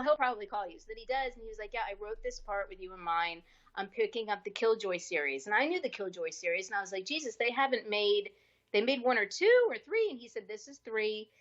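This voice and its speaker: A woman of middle pitch tells a story in a podcast interview, animated and chatty, jumping into little voices whenever she quotes someone. The audio is slightly dull and muffled, like a modest home podcast setup. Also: fast talker. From US East Coast. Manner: lively, acts out quoted dialogue with shifting voices. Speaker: actress, podcast guest.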